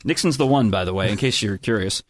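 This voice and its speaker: A man's voice: on the low side, expressive, quick pace. A middle-aged man telling a family story in casual chat, rambling and often breaking off to restart his sentences. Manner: rambling, self-interrupting storyteller.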